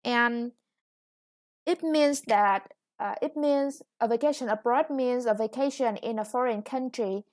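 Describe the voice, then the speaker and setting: A woman's voice: a little high, a little slow, a little mellow. A woman English teacher with a Vietnamese accent, explaining a lesson patiently. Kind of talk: recorded classroom lesson.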